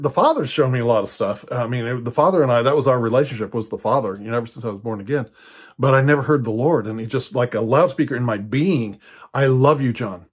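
A man's voice: mid-range voice, breathy edge. Older guy preaching, chatty storytelling, lots of ums and restarts. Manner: conversational, storytelling with many fillers and restarts. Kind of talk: personal teaching talk.

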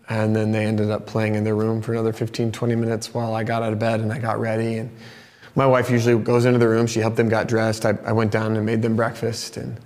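Guy pastor in his 30s telling a family story from the pulpit, lively then quiet and honest, big echoey church. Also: fairly low pitch, a little fast. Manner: candid, animated storytelling that drops to a soft, confessional tone. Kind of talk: sermon with a personal story. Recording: long reverb of a large hall.

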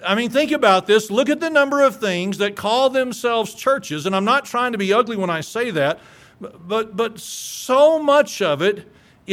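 A man's voice: high-pitched, fairly bright tone. A male pastor preaching a sermon in an earnest, conversational way that climbs into emphatic peaks.

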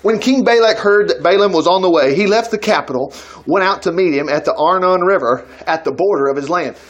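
A man's voice: high-pitched, a little fast, highs cut off. A man preaching a sermon at a church service, retelling a Bible story with folksy asides and laughter.

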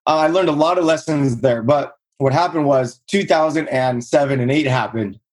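A man in his thirties from Southern California, telling his own story in a casual interview and acting out quotes with a raised voice. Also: normal speed. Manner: energetic storyteller, acts out quotes in higher voice. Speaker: guest, real estate investor.

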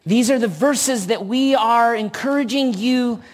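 A woman preaching a sermon, telling a story slowly and earnestly with emphatic repetition. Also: on the high side.

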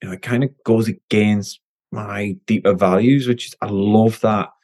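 Energetic man, lowish voice. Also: moderate pace. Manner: energetic and candid, frequent restarts. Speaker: guest, former Olympic swimmer and business owner. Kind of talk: casual podcast interview.

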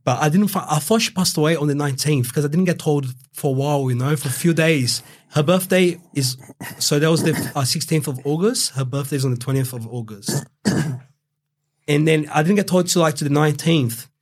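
A man's voice: a little high, brisk. Young Australian man, interview guest, rambling street talk, swears often. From Brazil, raised in Australia. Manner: rambling, heavy swearing and fillers, quotes himself. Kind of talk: casual interview storytelling.

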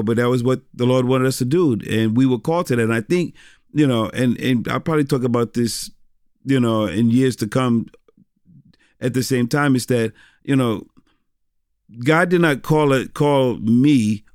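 A middle-aged man who is a pastor tells stories in an easygoing interview. He rambles with many fillers and restarts in a mid-pitched voice. The sound is dry and close. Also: normal speed, darkish tone, clear, resonant tone, no echo. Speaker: pastor and former rapper. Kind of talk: casual interview storytelling.

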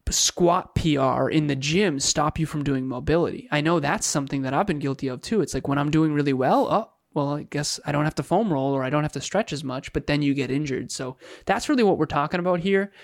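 An earnest man talks through his coaching habits on a podcast. His voice sits slightly high, and he stacks repeated words for emphasis. The sound is dry and close, with no room in it. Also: no echo. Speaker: fitness coach and podcast co-host. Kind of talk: casual podcast talk.

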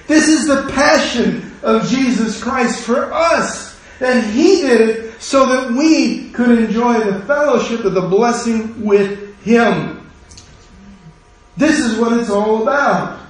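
A man's voice: very high-pitched, animated, measured pace. A man preaching a sermon as pastor, impassioned and full of rhetorical questions. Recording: very echoey room.

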